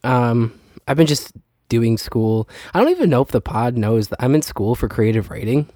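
A man's voice: medium pitch, animated, moderate pace, warm tone, no echo, clean studio sound. A young man co-hosting a podcast while sick and tired, with a nasal voice, rambling in casual chat with lots of hesitations. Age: young adult. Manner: rambling, self-deprecating, hesitant. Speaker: podcast co-host.

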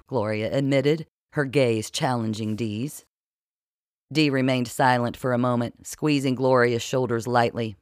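A man's voice: medium pitch, measured pace, dry recording. Male audiobook narrator, dry recording. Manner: steady storytelling.

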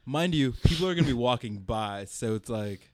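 A man's voice: medium pitch, brisk. An American man co-hosting a podcast, leading casual banter and laughing a lot. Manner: lively, laughs a lot, asks questions. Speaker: podcast co-host. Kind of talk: casual banter among friends.

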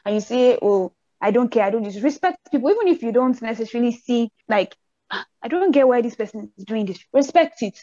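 A young Nigerian woman with a Nigerian accent chatting casually, telling animated stories and acting out the people she quotes in raised voices. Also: fairly high pitch, brisk, no echo, lo-fi sound. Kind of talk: casual chat.

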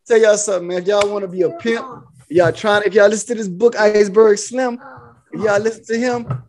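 A man, co-hosting a casual podcast and telling an animated story, switching into a slow, bossy voice when he quotes himself. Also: high voice. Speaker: podcast co-host.

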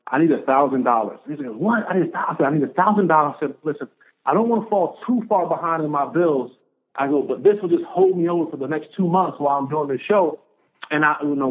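A man telling a personal story in an interview, animated and acting out the dialogue he quotes. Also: fairly high pitch. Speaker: podcast guest, former pro football player. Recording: narrow phone-like audio.

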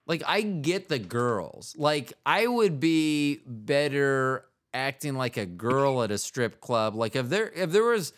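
A man's voice: mid-range voice, big pitch swings, slow pace, hardly any pauses, fairly bright tone. A man hosting a podcast, telling jokes and rambling in casual chat, often trailing off mid-sentence. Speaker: podcast host.

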